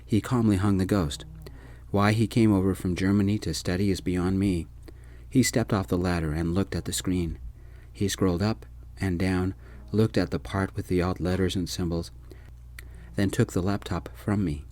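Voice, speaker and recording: A man telling a first-person story in a gentle, soft-spoken ASMR style. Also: low voice, fairly even intonation, moderate pace.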